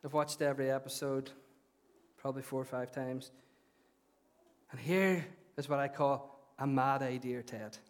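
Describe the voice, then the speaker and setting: A man with a Northern Irish accent preaching a conversational, animated sermon in a church, often repeating his phrases. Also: medium pitch, unhurried, pauses often. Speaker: pastor.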